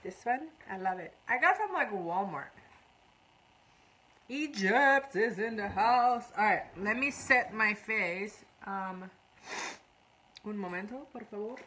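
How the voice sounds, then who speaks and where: A woman's voice: medium pitch, animated, slow, pauses often, pushed and bright, poor audio. Chatty woman mixing in learner's Spanish. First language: English. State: runny nose. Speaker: makeup artist streaming live. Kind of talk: casual live-stream makeup tutorial.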